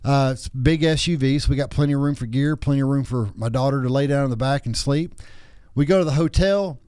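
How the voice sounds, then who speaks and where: A man's voice: medium pitch, fast talker, warm tone, clean tone, no room sound, clean studio sound. A man in his thirties or forties, hosting a podcast with a crude, joking, rambling way of telling stories. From Texas. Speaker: podcast host. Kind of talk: casual chat.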